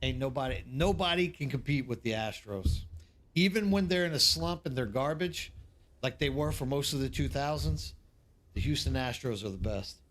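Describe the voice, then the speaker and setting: A man's voice: mid-range voice, normal speed, a bit bright. A man in his forties, a game streamer, rambling in casual live-stream chat and talking straight to his viewers.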